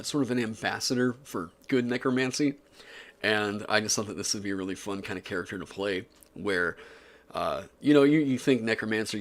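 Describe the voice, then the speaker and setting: A man chatting casually on his livestream, rambling with lots of fillers in an upbeat way. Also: mid-range voice. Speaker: streamer. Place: home streaming setup.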